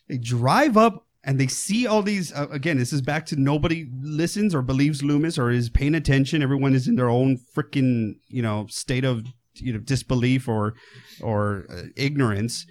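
A man co-hosting a casual film discussion podcast, talking in an animated way, swearing and acting out quotes. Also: medium pitch, normal speed. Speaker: podcast co-host.

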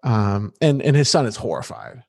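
Animated man recapping a show. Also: on the low side, normal speed, gravelly. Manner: animated and playful, with restarts. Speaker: podcast co-host. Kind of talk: casual TV episode recap chat.

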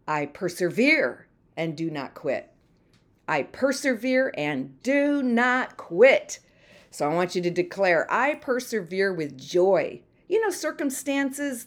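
A woman hosting a motivational podcast, speaking emphatically, repeating phrases and leading her listeners in affirmations. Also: medium pitch. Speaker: podcast host and mentor. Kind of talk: motivational pep talk.

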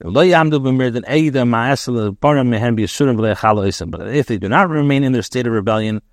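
A man's voice: mid-range voice, fairly quick, dry recording, studio quality. A man teaching a daily Torah class, reading short phrases of text and then translating and explaining them in plain English, with fillers and restarts.

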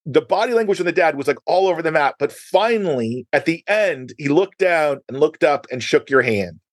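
A middle-aged man hosting a podcast, telling stories in an animated way and acting out quoted dialogue. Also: on the high side, moderate pace, no room sound. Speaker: podcast host. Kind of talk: conversational storytelling.

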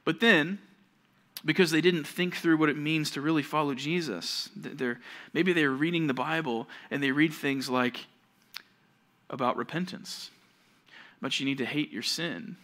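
Young male youth pastor, animated storyteller, slightly high, sharp, bright voice. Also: a little slow. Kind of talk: sermon to junior high students.

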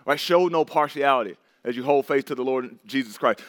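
A man's voice: fairly high pitch, quick pace, fairly bright tone, dry recording, clean studio sound. A man, a pastor teaching a men's Bible study in a conversational, emphatic way with informal asides.

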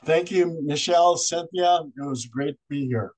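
A man's voice: a little high, moderate pace, low-quality recording. A man, a paranormal investigator, telling his stories as a podcast guest and acting out the voices in them. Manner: animated storyteller acting out voices. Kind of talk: storytelling in a podcast interview.

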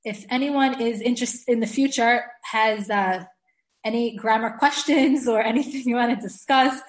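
A woman's voice: fairly high pitch, normal speed. Woman, teacher, online class, enthusiastic, chatty, echoey room. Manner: enthusiastic, chatty, frequent laughs and restarts. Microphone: video call.

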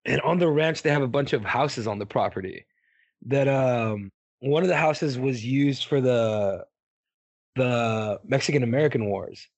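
A man's voice: mid-range voice, measured pace, no echo. A man co-hosting a podcast in casual chat, swearing often and telling stories with animation. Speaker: podcast co-host.

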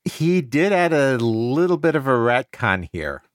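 A man's voice: mid-range voice, big pitch swings, unhurried, no room sound. Enthusiastic man discussing books. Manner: enthusiastic, stumbles and restarts. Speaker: podcast host. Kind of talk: casual book discussion.

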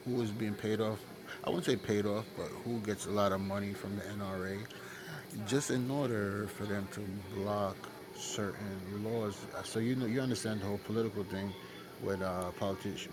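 A man from Brooklyn with a Brooklyn accent calls in to a talk show in a low voice. He talks hesitantly, with lots of fillers and apologies. Steady noise sits under his words on the line. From Brooklyn, New York. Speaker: caller.

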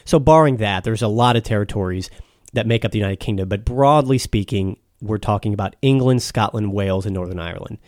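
American man, low voice, dry sound, patient explainer, casual chat. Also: brisk, a little mellow, no room sound. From United States. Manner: explains patiently, with frequent restarts.

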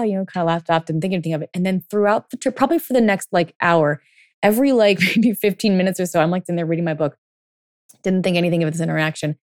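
A woman's voice: fairly low pitch, brisk, darkish tone, no room sound, studio quality. A woman coach telling a story in a casual monologue, full of fillers, then turning blunt and emphatic, with some swearing. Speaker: dating and life coach.

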